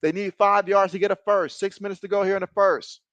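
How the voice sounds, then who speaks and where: Man, 30s, high-pitched, dry close sound, casual live-stream play-by-play, excitable. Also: fairly quick, dry recording, dull audio. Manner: excitable, reacts loudly to plays. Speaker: live-stream sports host.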